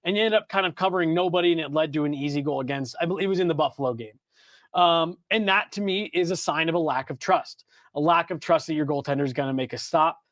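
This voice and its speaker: Man, high voice, podcast co-host, rambling, animated, lots of fillers, dry sound. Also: fast, no echo. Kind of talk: casual hockey podcast chat.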